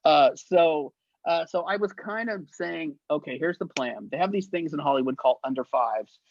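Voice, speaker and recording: A man telling show-business stories as an interview guest, in a lively way, acting out the voices he quotes. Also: fairly high pitch, normal speed, no echo. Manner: animated anecdotes, acts out quoted voices, laughs often. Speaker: guest, actor and effects artist. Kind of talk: casual storytelling interview. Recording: dull, lo-fi sound.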